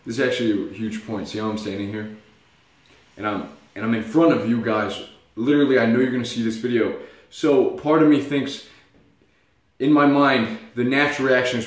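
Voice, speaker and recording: A young man delivers blunt, profane motivational talk in a casual self-help vlog, telling stories with animation. His voice is medium-pitched at a normal speed, and the room sounds echoey.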